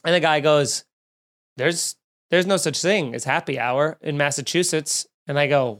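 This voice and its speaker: A man's voice: on the high side, moderate pace. A man casually telling funny, profane stories about a trip as a podcast host. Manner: animated, profane, jokey anecdotes. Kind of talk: casual storytelling.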